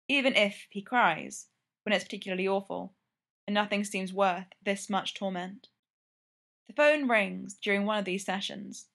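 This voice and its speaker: A woman reads a long story aloud, her voice sitting at a middle pitch. She narrates steadily and evenly, keeping an unhurried storytelling pace. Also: a bit bright. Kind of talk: reading fan fiction aloud.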